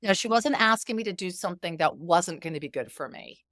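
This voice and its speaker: Animated middle-aged woman telling stories. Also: lowish voice, fast, no room sound, clean studio sound. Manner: animated, emphatic storyteller who acts out quoted dialogue. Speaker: guest. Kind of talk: conversational interview.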